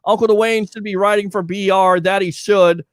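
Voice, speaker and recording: A man's voice: sits high, moderate pace, no room sound. A man hosting a live sports talk show, reading listener comments aloud and bantering with his co-host. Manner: animated, reads listener comments, jokey banter. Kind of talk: casual live call-in sports chat.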